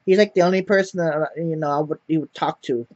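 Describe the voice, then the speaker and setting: A man's voice: on the high side, steady tone, fast, no echo. A man telling a rambling personal story to camera, repeating words and swearing often. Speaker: vlogger. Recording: dull lo-fi dry sound.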